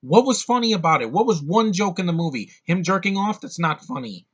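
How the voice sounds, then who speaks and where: A man's voice: high voice, big pitch swings, fairly quick, a bit bright, husky, lo-fi sound. A man giving a blunt, sarcastic, profane rant as a movie reviewer. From United States.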